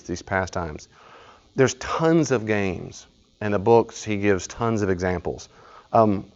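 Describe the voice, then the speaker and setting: Low-voiced man leading a study group. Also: lo-fi sound. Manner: storytelling, acts out dialogues, laughs often. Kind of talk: informal teaching talk. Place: live study group in a room.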